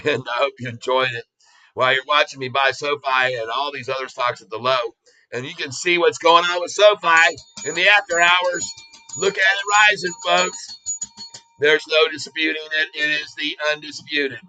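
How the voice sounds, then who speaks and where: A man hosting a casual livestream, commenting on his trades with excitable bursts of cheering. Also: fairly high pitch, moderate pace, low-quality recording.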